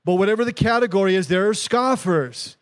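High-pitched guy preaching a sermon, punchy repeats, keeps asking the crowd to answer back. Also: expressive, brisk. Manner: emphatic preaching with repetition and calls to the congregation. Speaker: pastor. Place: church service in a tent.

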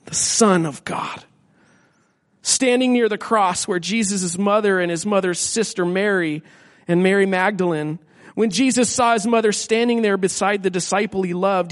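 Man, high pitch, church staff reader, scripture reading, deliberate pauses. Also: big-room sound.

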